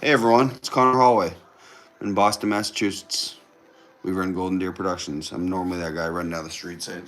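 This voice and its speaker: A man's voice: low-pitched, steady tone, brisk, fairly bright tone. A young man hosts a casual livestream from home. He reads viewer comments aloud, banters with them and often repeats his phrases. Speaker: livestream host. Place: indoors at home with a TV on.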